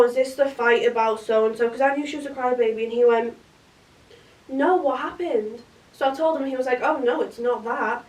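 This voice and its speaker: A young woman with a British accent spins a dramatic storytime, chatty and full of "like". Her voice sits high. The sound is roomy, picked up from a little way off the mic. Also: recorded from a distance. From Britain. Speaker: vlogger. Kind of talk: casual storytime chat.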